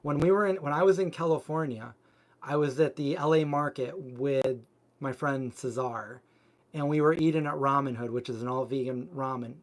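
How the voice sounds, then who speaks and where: A man's voice: medium pitch, normal speed. A man hosting a cooking channel, chatting casually on a live stream and answering viewer comments in a rambling way, full of filler words. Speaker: vegan cooking channel host.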